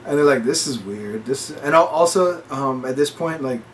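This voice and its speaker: A man's voice: fairly high pitch, normal speed, slight background noise. A man co-hosting a casual chat, retelling a story with lots of quoted dialogue and restarts. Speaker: podcast co-host.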